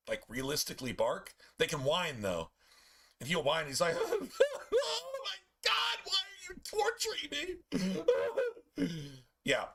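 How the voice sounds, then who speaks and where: A man chatting casually while streaming a game, telling profane, animated stories about his pets. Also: mid-range voice. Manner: animated, profane storytelling with playful put-on pet voices.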